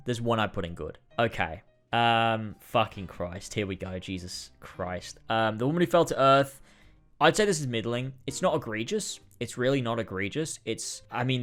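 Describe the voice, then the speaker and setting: A man with a mid-range, fairly bright voice is a video creator ranking episodes in a casual, exasperated way. He swears and sighs often.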